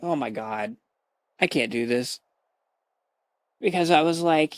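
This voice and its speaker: A woman's voice: low voice, animated, slow, pauses often, dry recording, clean studio sound. A woman streamer chatting casually to her viewers, laughing often and swearing as she retells a roleplay scene.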